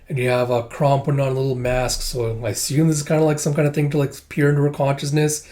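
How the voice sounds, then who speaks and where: A man's voice: mid-range voice, little pitch movement, fast, few pauses, darkish tone. A man casually recapping a comic book, loose and chatty, with filler words and restarts.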